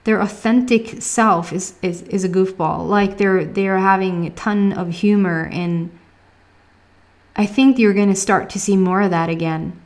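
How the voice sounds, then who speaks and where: A woman's voice: medium pitch, measured pace. A woman with a Swedish accent giving a casual tarot reading, chatty, laughing often and searching for words. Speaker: tarot reader.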